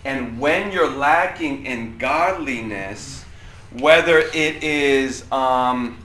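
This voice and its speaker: A middle-aged man gives a casual, conversational youth sermon, his loud voice carrying across the group. His tone is bright and forceful, and he keeps asking "right?" to draw the students in. The room is roomy and echoey, with a faint hum of ambience underneath. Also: mid-range voice, extremely slow. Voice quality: loud voice that carries. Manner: conversational, often checks in with 'right?'. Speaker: youth pastor. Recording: roomy echo.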